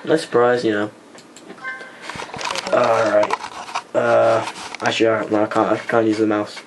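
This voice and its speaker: In a noisy home vlog shot on a hand-held camera mic, a young man with a fairly low, monotone voice speaks a little slowly over background music, rambling while he plays a computer game indoors and muttering swears at it.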